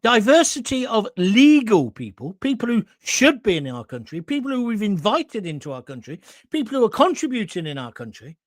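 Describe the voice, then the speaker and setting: A man's voice: high-pitched, sing-song, fairly quick, hardly any pauses, dry recording, clean studio sound. A man hosting his own live stream, delivering indignant, emotional commentary straight to his viewers.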